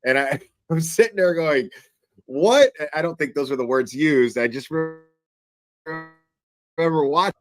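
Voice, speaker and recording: A man's voice: on the high side, normal speed, long pauses, dry recording. Incredulous swearing man ranting, dry sound. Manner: animated, incredulous, swears often, laughs while talking. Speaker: online commentator. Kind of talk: casual ranting commentary.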